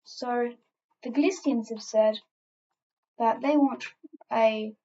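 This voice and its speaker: A woman chats her way through editing a map, rambling and offhand, tossing in asides and fillers. Her voice sits a little high but has a warm, gravelly fry to it. The sound is dull and lo-fi, like a cheap home mic. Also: slow pace. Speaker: alternate-history mapper. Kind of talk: casual map narration while editing.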